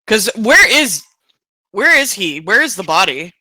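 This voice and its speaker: Bright high-voiced joking man. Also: very animated, measured pace, no echo. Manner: joking, dry quips. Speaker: player. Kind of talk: casual chat at a game table.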